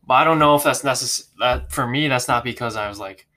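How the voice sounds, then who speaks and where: A man's voice: medium pitch, fairly quick, sharp tone. A man in casual conversation, thoughtful and questioning, with many filler words. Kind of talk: casual chat.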